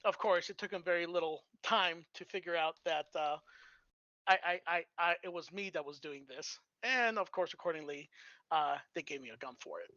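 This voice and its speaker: A streamer telling old clan anecdotes in a casual, halting way, with fillers and restarts. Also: mid-range voice, bright, forceful tone, dry recording, muffled recording. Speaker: storyteller on a live stream.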